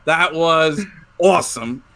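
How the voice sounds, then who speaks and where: A male host of a sports talk show, excitable and casual, tagging sentences with "bro". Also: on the high side, slow pace. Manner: excitable, says "bro" a lot.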